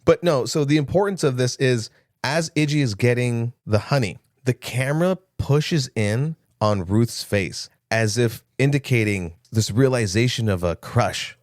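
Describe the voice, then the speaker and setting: A man's voice: medium pitch, a little slow, no echo, clean studio sound. A young man co-hosting a casual movie podcast, recapping scenes with jokes and quoted lines. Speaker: podcast co-host.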